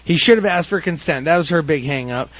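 A man hosting a comedy radio show, reading a news story with halting fillers and restarts. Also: a little high, animated, no echo, muffled recording. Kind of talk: casual comedic radio banter.

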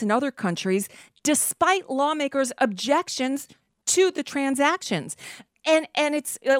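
A woman's voice: on the high side, no echo. A woman hosting a political talk radio show, reading news items aloud and adding blunt, exasperated comments on a studio microphone. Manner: reads news items, then adds blunt exasperated asides.

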